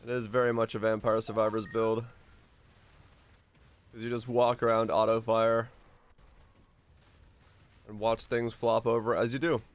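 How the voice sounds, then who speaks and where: Here a man with a mid-range voice talks through his gameplay somewhat slowly, stopping often. He's laid-back, hums along and chuckles as he chats, and his voice seems slightly off today.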